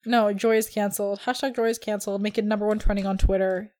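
A woman's voice: mid-range voice, fairly even intonation, fast talker, a little mellow. A young woman hosting a casual podcast, rambling and teasing with lots of fillers. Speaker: podcast host. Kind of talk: casual chat.

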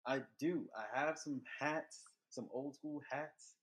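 A young man hosting a podcast, telling a childhood story in loose, profane casual chat that gets animated. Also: medium pitch, slow pace. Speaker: podcast host.

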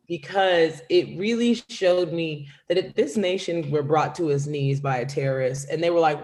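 A woman's voice: low voice, normal speed, darkish tone. Playful, riffing woman comedian. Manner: playful and bold, riffing on absurd bits. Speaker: comedian co-host. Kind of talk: casual comedy podcast chat.

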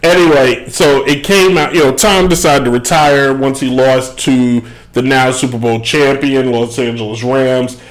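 A man's voice: medium pitch, fairly even intonation, a little slow, few pauses, poor audio. A man hosting a casual live sports talk show, rambling, digressing, correcting himself mid-sentence and chuckling.

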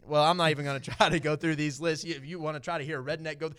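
Folksy Southern preacher, bright high voice. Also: male voice, steady tone, quick pace, clean tone. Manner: folksy, repeats phrases, builds to emphatic preaching. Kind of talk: sermon.

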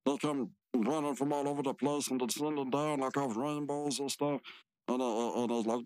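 A man's voice: medium pitch, steady tone, moderate pace, darkish tone. A man co-hosting a podcast, recapping a cartoon in rambling, filler-heavy casual chat. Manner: rambling, repetitive, lots of fillers. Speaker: podcast co-host.

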